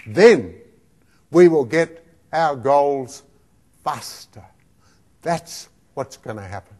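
A man's voice: medium pitch, sing-song, measured pace, long pauses, darkish tone. A man giving a motivational lecture as a self-improvement teacher, emphatic and often checking in with the listener with "right?".

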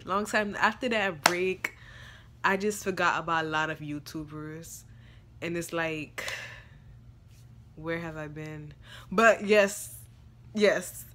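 A woman's voice: medium pitch, sharp tone. A young woman hosting a reaction video, chatting casually and gigglingly with lots of "like", a little under the weather. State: a bit ill. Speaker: reaction YouTuber. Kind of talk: casual chat.

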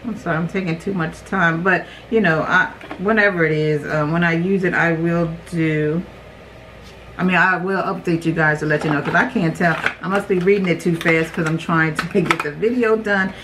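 A young adult woman chatting casually while unboxing beauty products, rambling, her voice jumping high when she reacts. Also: steady tone, normal speed, fairly bright tone, slight background noise, rough recording. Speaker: beauty vlogger.

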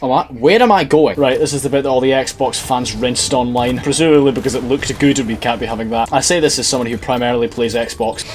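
A man's voice: mid-range voice, fast, few pauses. A young man giving sarcastic, profane let's-play commentary on a video game, laughing often. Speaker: gaming video creator.

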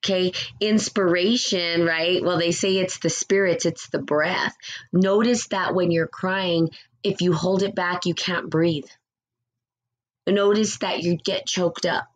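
A woman's voice: on the low side, steady tone, unhurried, poor audio. A woman talking through spiritual ideas in a casual, conversational way, reading short passages aloud and acting out quoted people as she goes. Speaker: spiritual teacher.

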